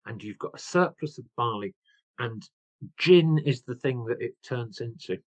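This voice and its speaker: Lively, digressive man. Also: mid-range voice, normal speed, dry recording, rough recording. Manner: enthusiastic, digressive, frequent restarts. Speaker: author and guest. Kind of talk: storytelling history talk.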